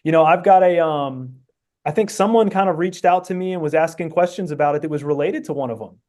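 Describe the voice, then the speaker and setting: Earnest man with a mellow voice. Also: a little high, fast. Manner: earnest, rambling reasoning with many fillers. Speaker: podcast guest. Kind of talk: casual chat.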